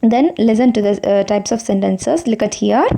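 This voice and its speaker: A woman's voice: mid-range voice, normal speed, gravelly, dark tone, slight background noise. A woman with an Indian English accent teaching an online primary school English lesson. She asks questions, answers them herself, and often adds "isn't it?".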